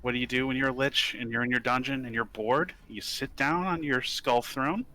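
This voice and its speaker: Bright-voiced man riffing jokes. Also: medium pitch, fairly quick, slight background noise, low-quality recording. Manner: rambling, jokey riffing. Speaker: tabletop game player. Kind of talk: casual tabletop game chat.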